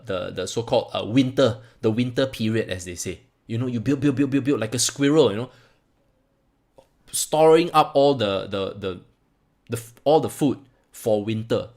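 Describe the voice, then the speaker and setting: A man hosting his own channel, speaking straight to his viewers in an impassioned rant, repeating himself for emphasis and swinging between calm and agitated. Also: mid-range voice. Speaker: crypto channel host.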